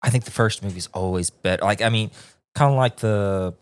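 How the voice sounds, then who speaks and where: A man's voice: on the low side, brisk, clear, resonant tone, no echo. A man co-hosting a podcast in casual chat, laid-back and dryly teasing. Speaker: podcast co-host.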